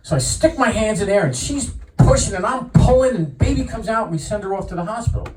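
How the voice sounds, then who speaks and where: A middle-aged man from New York doing a stand-up comedy set, telling stories in a deadpan way and pausing before each punchline. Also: high voice. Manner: deadpan storytelling with punchline pauses. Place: comedy club stage. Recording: roomy live venue, mic heard from a distance.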